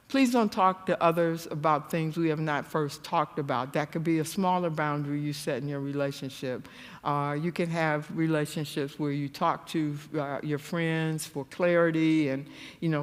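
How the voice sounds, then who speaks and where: A woman giving a church seminar talk, telling stories animatedly and jumping to a high voice when she acts out quotes. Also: in a large hall. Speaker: guest speaker. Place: church hall.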